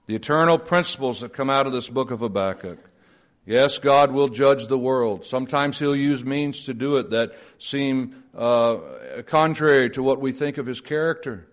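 A man preaching a sermon and praying, rising to emphatic peaks and dropping low and slow, chuckling at his own playful phrasing. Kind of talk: sermon with closing prayer.

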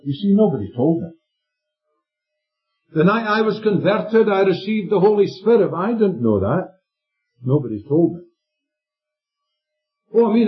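A man preaching a sermon with an emphatic delivery, checking in with his listeners through questions. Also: high-pitched. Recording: dull lo-fi recording with faint music.

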